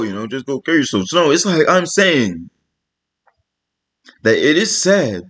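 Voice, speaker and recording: A man delivering a blunt, profane, exasperated rant to camera as a vlogger. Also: fairly high pitch. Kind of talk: ranting vlog monologue.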